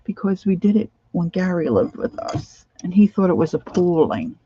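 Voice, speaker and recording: A woman with a dark, low-side voice talks very animatedly at normal speed while working on a craft, rambling and breaking into humming and snatches of song. She's a sleep-deprived crafting vlogger, and her dull lo-fi home recording carries a little hiss or hum.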